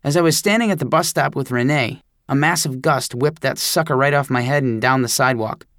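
A man's voice: mid-range voice, brisk, a bit bright, no room sound, studio quality. A man narrating a first-person audiobook in a wry, self-deprecating storytelling manner.

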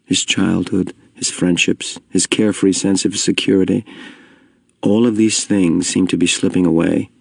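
A man reading a story aloud in steady, measured scripted narration. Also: low voice, gravelly, husky, dry recording, clean studio sound. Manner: steady, measured reading, slowing at heavy moments. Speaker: audiobook narrator.

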